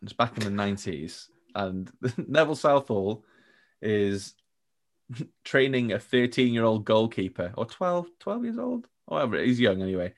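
Male podcast co-host, low-pitched, easygoing banter with a joking streak. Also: sing-song, normal speed. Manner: jokey, laughs often, acts out quotes. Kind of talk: casual football podcast chat.

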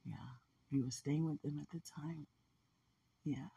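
Woman, low mellow voice, tender and prayerful delivery, lots of soft affirming murmurs. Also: steady tone, a little slow, vocal fry, breathy edge, lo-fi sound. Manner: heartfelt, soft-spoken, prayerful, with frequent murmured agreement. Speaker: podcast speaker. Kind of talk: casual emotional talk about faith and love.

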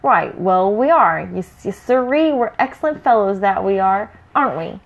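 A woman voicing a big, dimwitted male half-troll with a rough voice, blustering and boastful. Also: mid-range voice, expressive, normal speed, dull audio. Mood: gruff. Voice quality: rough, dropped-letter dialect speech.

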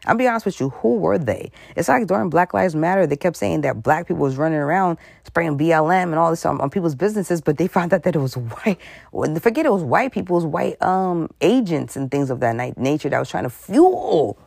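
Brief: gravelly conspiracy vlogger, rambling and suspicious, dry close sound. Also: mid-range voice, darkish tone, no room sound. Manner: laughs mid-sentence. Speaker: commentary vlogger. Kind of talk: casual conspiracy commentary.

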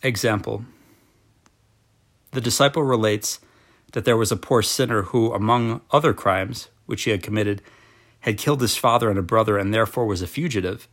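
A man reading a devotional book aloud in a slow, measured, solemn manner. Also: on the low side, a bit bright.

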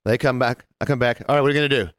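A man co-hosting a casual podcast, telling an animated story and acting out the voices of the people in it. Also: medium pitch, racing, no echo, clean studio sound. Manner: animated, jumps into mimicked voices of customers. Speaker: podcast co-host.

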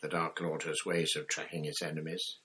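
A man reading an audiobook, voicing a gruff, menacing old male wizard in a low, deliberate way. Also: level tone, pushed and bright, slight background noise. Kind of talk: audiobook character voice.

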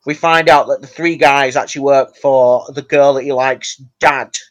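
A young man on a casual podcast, excitedly retelling a film plot in a rambling way. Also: medium pitch, normal speed. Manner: rambling, excitable storytelling with laughs. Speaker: podcast co-host. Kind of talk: casual chat.

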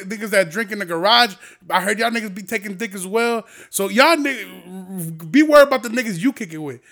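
A young man delivers a heated solo podcast rant with a high voice. He curses constantly and swings between low, muttered asides and loud, fired-up outbursts. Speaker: podcast host. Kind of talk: ranting podcast monologue.

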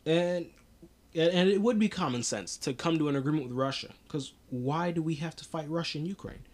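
A man's voice: a little high, a little fast. A man hosting a podcast, giving casual political commentary in a blunt, profane way with frequent restarts. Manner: blunt, profane, laughs often, restarts a lot. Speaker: podcast host.

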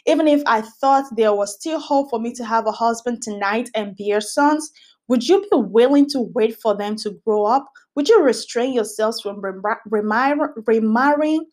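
A woman's voice: fairly high pitch, normal speed, a little mellow. A woman hosting a Bible study podcast, reading scripture aloud and teaching in a casual, earnest way, often repeating phrases for emphasis.

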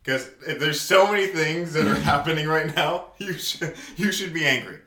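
A man's voice: on the high side, normal speed, gravelly, sharp tone, roomy sound. A man co-hosting a podcast, delivering an angry, profane, emphatic rant in casual talk. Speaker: podcast co-host.

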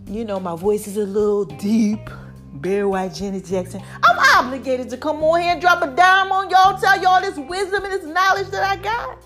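A middle-aged woman in a casual motivational vlog, chatty and animated, repeating catchphrases, her voice a little deepened by allergies. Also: moderate pace, soft background music. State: voice a bit deep from allergies. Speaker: online personality talking to followers.

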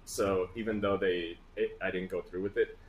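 A man in casual chat about a video game, retelling scenes in a relaxed, halting way. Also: low-pitched, roomy sound, lo-fi sound, slight background noise.

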